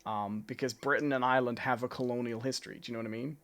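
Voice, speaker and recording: A man's voice: mid-range voice, fairly even intonation, rapid-fire, fairly bright tone. A man co-hosting a live stream, chatty and opinionated, often checking in with "you know". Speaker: podcast co-host. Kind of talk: casual live-stream chat.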